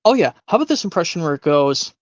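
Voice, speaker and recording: A rambling streamer talks casually between voice impressions, with a lively, bouncing pitch and plenty of hesitant um's. They pile up fan details without pause, and the close, dry sound has no room echo. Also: highs cut off.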